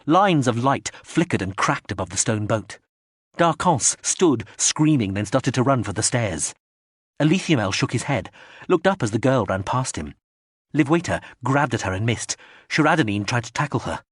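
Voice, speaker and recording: Male audiobook narrator, husky and dry, measured reading with animated pitch. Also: no echo. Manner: measured reading, acts out quoted speech in raised voices. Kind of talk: scripted narration.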